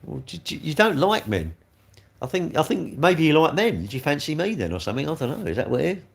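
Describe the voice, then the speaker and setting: A man's voice: a little high, very animated, quick pace, creaky. An older English man hosting a casual livestream, reading out viewer comments and answering them with blunt, cheeky banter. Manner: banter, cheeky and blunt, dropping "mate" and "innit". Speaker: livestream host.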